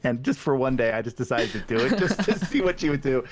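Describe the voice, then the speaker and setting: Guy on a podcast, mid-pitch voice, chatty and open, does little voices when quoting people. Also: lively intonation, quick pace, crowd noise. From United States. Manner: candid, self-reflective storyteller who acts out quoted dialogue and laughs often. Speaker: podcast guest. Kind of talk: casual chat.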